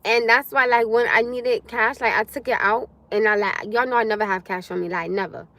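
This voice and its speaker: A young woman hosts a casual livestream, her voice on the high side and fairly quick. She's chatty and animated, reading viewer comments aloud, answering them and swearing freely.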